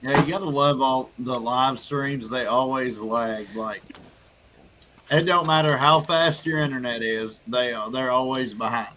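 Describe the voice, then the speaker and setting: A man's voice: mid-range voice, a little slow, a little hiss or hum, rough recording. A man co-hosting a live radio stream in an easygoing, casual way.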